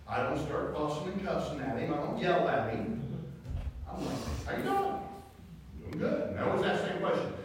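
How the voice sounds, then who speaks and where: A man preaches in a folksy, storytelling way, building to emphatic points. His slightly high voice rings through a church hall, picked up from a distance with a long, echoing tail. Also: slight background noise. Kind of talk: sermon. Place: church sanctuary.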